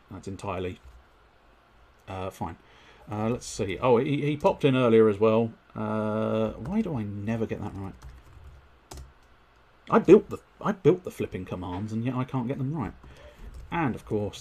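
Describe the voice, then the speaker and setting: A man talks through a live gaming stream in a lowish, husky voice. He speaks in a wordy, politely formal way, full of ums and self-corrections. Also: darkish tone. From United Kingdom. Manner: wordy and politely formal, with many fillers and restarts. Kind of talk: casual live-stream chat.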